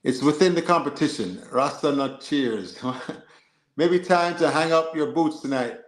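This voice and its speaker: A man co-hosting a football live stream, reading and answering chat in an animated, joking way. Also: a little high, a little slow, reverberant. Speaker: livestream co-host.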